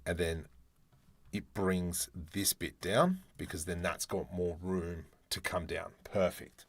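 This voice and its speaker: A man's voice: sits low, takes it slowly. A man from Australia with an Australian accent, chatting and joking as he talks through his work in a live-streamed 3D modeling tutorial. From Australia (Adelaide). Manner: chatty, joking, talks to himself while working. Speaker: 3D artist streamer.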